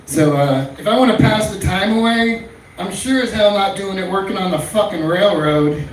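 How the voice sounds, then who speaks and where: A man's voice: high-pitched, normal speed. Crude rambling male stand-up comic. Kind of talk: stand-up comedy set. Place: small comedy club stage. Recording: echoey room, far-off mic, faint noise.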